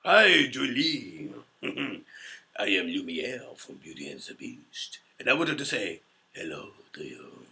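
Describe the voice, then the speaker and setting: A man doing an impression of a suave male candelabra butler with a French accent, in a slow, theatrical manner. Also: fairly low pitch, sing-song, gravelly, voice pushed down, full character voice. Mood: gracious. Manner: slow, theatrical, warm greeting.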